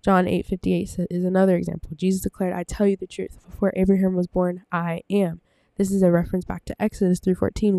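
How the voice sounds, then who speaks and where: A warm, fairly low female voice belongs to a Bible teacher giving an easygoing, meandering talk full of fillers and self-corrections. She sounds slightly out of breath. The desk-mic recording carries no room sound.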